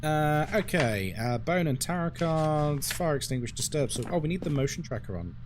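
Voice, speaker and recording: Male horror streamer with a fairly high, very lively voice, chatty and ranty, cursing freely while he plays. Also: moderate pace, background noise. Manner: chatty, ranting, swears and laughs often. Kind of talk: casual live-stream commentary.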